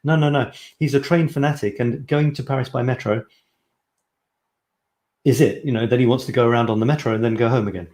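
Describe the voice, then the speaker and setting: A man's voice: medium pitch, fairly even intonation, brisk, darkish tone, reverberant. A man hosting a casual live stream as a photography coach, talking in a rambling, chatty way and often correcting himself.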